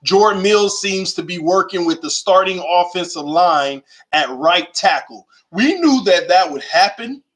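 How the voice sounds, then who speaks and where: Young man, fan stream host, slangy, excitable, slightly high voice. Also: a little slow, few pauses. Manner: excitable, shouts and sings out, slangy. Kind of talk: live-stream sports fan talk.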